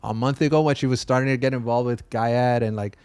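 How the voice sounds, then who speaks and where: Man, podcast co-host, casual rambling chat, mid pitch, dry close mic. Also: fairly even intonation, fairly quick, a little mellow, clear, resonant tone, no echo. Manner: rambling, loose, with frequent restarts and fillers.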